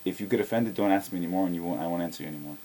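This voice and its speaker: Fast-talking deep-voiced man, blunt. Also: mellow, a little hiss or hum. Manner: blunt, opinionated, repeats words when starting sentences. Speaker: video blogger answering a viewer. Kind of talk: casual spoken video reply.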